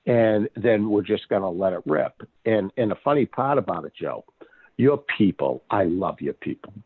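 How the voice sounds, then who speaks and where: A psychic medium, appearing as a podcast guest, chats casually and tells stories in a lowish, husky voice at normal speed, restarting often and laughing a lot. He's an animated storyteller. The sound is a tinny, dry phone line with no echo.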